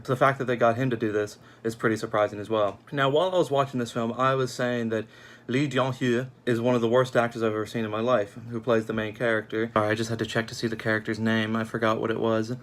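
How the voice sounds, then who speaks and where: A man's voice: medium pitch, flat delivery, fast. A young man giving a casual, sarcastic film review, rambling at an uneven pace.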